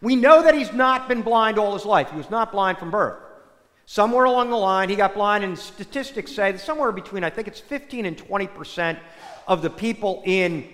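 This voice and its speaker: A man preaching a sermon, telling stories in an animated way that swings between loud and soft. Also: high voice, fairly quick. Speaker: priest. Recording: long hall reverb.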